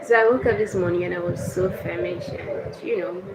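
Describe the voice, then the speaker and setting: A woman's voice: on the low side, brisk. A young woman chatting casually on a livestream, telling a story and laughing often. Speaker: livestream host. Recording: echoey room with clear background noise.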